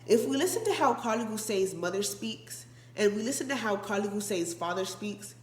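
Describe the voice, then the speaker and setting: A woman's voice: mid-range voice, roomy sound, a little hiss or hum. A woman hosting a casual commentary vlog, talking straight to her viewers and hammering her points home by repeating them. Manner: emphatic and repetitive, addresses viewers directly. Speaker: vlog host.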